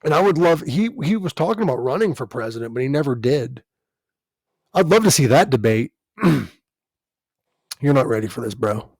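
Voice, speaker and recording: A man's voice: medium pitch, very animated, normal speed, pauses often, a little mellow, slightly rough, dry recording. A man who hosts a podcast and does comedy, chatting casually, swearing freely and laughing often. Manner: profane, laughs often, tells stories animatedly. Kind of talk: casual chat.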